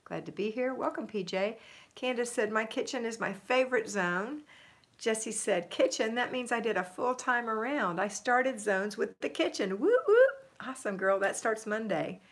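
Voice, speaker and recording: A woman's voice: fairly high pitch, normal speed, fairly bright tone. A middle-aged woman chatting on a home livestream, reading viewer comments aloud in an upbeat way, laughing and trailing off with ums. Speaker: home organizing livestream host.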